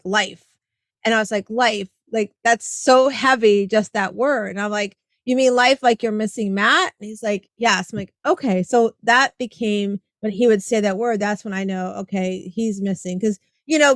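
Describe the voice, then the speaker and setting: A woman's voice: mid-range voice, dry recording. Chatty middle-aged woman hosting a talk. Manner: warm, chatty, storytelling, acts out quoted dialogue. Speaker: podcast host. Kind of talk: casual interview chat.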